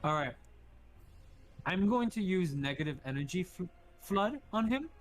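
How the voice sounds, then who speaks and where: A man's voice: high-pitched, lively intonation, measured pace, soft background music. A man playing in a casual tabletop game, thinking aloud about his spells and swearing now and then. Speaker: player.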